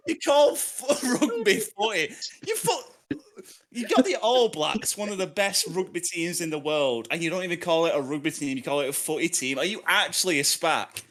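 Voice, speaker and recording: Bloke on a podcast, high bright voice bouncing all over, swearing and ranting for laughs. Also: male voice, fairly quick, hardly any pauses. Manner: loud, swearing, mock-outraged ranting with laughter. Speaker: podcast co-host. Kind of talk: casual chat. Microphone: home office mic.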